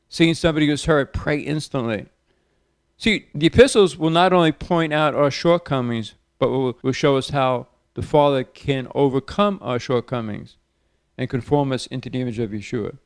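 A man preaching on the radio, reading scripture with raised emphasis and praying softly. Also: mid-range voice, moderate pace, smooth, dry recording, clean studio sound. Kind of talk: sermon with Bible reading and prayer.

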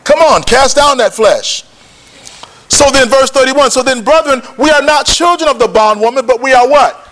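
A man's voice: very high-pitched, normal speed, fairly bright tone. A man preaching a sermon, prodding his listeners with questions and pushing them to answer back. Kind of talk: sermon with call and response.

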